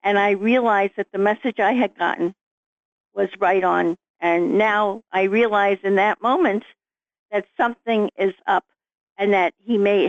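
A middle-aged woman, an author guest, telling her story in an animated, vivid way. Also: mid-range voice, dry recording. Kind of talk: storytelling interview. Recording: dull lo-fi sound, dry.

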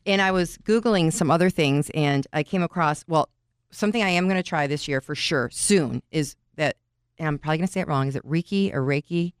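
A woman co-hosting a podcast, chatting casually and backing up her co-host with quick affirmations. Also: deep voice, smooth, dry recording, studio quality. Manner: conversational, quick affirming interjections. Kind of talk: casual chat.

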